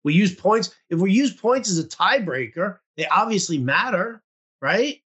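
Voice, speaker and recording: A man's voice: high-pitched, lively intonation, normal speed, a bit bright, husky. A young man co-hosting a casual podcast chat, rambling with lots of fillers. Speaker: podcast co-host.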